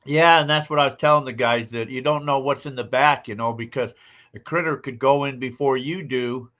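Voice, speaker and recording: A man hosting a casual live-stream chat, talking in a relaxed, conversational way. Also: medium pitch, brisk. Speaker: host. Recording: dull lo-fi stream audio.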